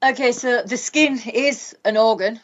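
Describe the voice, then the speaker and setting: A woman's voice: on the high side, unhurried, muffled recording, a crowd in the background. A woman with a Northern English accent, a guest practitioner explaining health topics in a podcast interview, talking in long runs full of ums.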